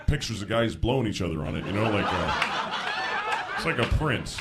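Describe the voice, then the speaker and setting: A man doing a stand-up comedy routine on a stage before a live audience, telling frank stories and breaking into shouted impressions. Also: on the low side, sing-song, moderate pace, heavy background noise. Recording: live show with audience laughter. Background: audience laughter.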